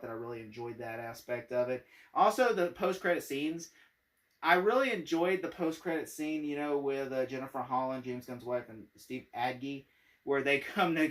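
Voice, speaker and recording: A man's voice: on the high side, fairly bright tone, distant mic. A man giving a casual spoken movie review, rambling with many fillers and frequent laughter.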